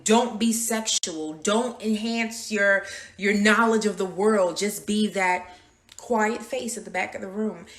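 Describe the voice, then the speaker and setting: A woman's voice: medium pitch, fairly bright tone. Blunt, cussing woman in an echoey room. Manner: blunt, frequent profanity, emphatic. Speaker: speaker sharing personal views. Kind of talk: candid personal monologue.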